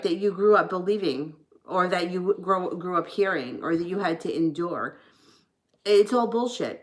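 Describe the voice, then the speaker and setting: A woman's voice: lowish voice, fairly bright tone. Frank, rambling woman tarot reader. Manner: rambling, frank, swears freely. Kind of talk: casual livestream chat.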